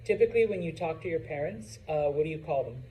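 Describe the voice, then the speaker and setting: A man's voice: fairly high pitch, expressive, fast talker, dark tone, a little hiss or hum, low-quality recording. A man teaching a Spanish vocabulary lesson to a class, chatty, with joking asides and frequent "okay?" check-ins.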